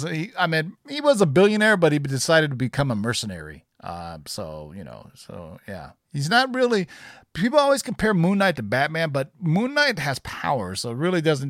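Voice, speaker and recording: A man's voice: fairly high pitch, sing-song, moderate pace, a bit bright, dry recording. Male co-host, rambling casual chat, plenty of fillers, dry close sound. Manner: rambling, many fillers and restarts. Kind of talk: casual chat about comics and movies.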